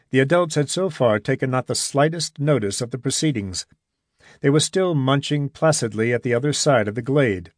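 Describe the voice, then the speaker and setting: A man narrating a story in a measured, even reading voice. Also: mid-range voice, no echo, studio quality. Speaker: audiobook narrator. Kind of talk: scripted narration.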